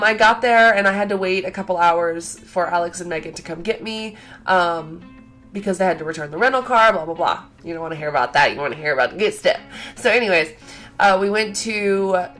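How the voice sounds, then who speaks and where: A young woman telling a convention story in a casual vlog, chatty and excitable, full of fillers and acted-out quotes. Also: lowish voice, a little fast, soft background music. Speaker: vlogger.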